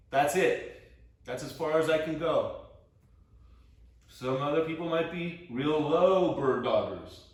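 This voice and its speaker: A man leads a floor stretching class at an unhurried pace, with light jokes and steady counting of breaths and reps. His voice sits a little high for a man. The sound is distant, with a strong roomy echo. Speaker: exercise instructor.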